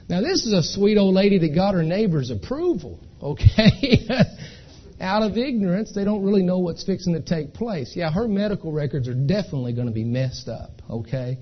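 This identity theft seminar speaker has a high, sing-song, slightly rough voice and a moderate pace, captured in a muffled recording. His live talk is folksy and chatty, built on stories, with frequent "okay?" check-ins to the audience.

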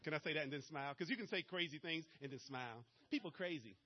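A man with a Maryland accent giving a fast-talking, energetic motivational seminar talk straight to his audience. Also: fairly high pitch, muffled recording. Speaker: motivational speaker at a business presentation.

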